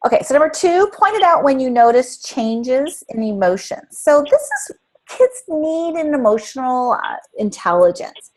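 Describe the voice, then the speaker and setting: A middle-aged woman coaches parents in a loose, conversational way. Her voice sits a little high and swings up and down as she makes her points. She laughs lightly between them. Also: very animated, moderate pace, low-quality recording. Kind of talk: casual talk to parents.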